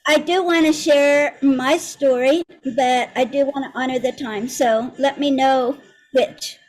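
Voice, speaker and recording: High-voiced woman sharing a story. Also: fairly even intonation, unhurried, poor audio. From United States. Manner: earnest, reflective storytelling. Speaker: community member sharing a story. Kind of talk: casual testimonial on a group call.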